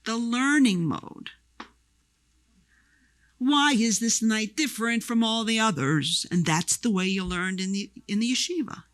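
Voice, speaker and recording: A woman music scholar giving a live lecture, telling stories in a lively way and breaking into short chants as examples. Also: fairly high pitch, unhurried, no room sound. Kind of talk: live lecture with sung demonstrations. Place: lecture hall before a live audience.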